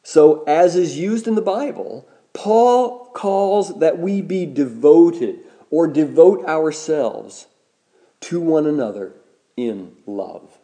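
Mellow-voiced male pastor preaching. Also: fairly high pitch, animated. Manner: measured preaching, slows to stress key words. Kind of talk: sermon.

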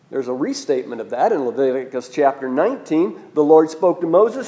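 A man's voice: fairly high pitch, animated, brisk, hardly any pauses, warm tone. A man preaching a sermon, teaching in a conversational way with asides and questions to the listeners.

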